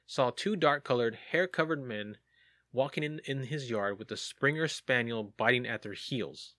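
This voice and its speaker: A man's voice: mid-range voice, moderate pace, pushed and bright, no room sound, studio quality. A man hosting a casual podcast, reading sighting reports aloud and joking about them. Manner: jokey, reads reports aloud with asides.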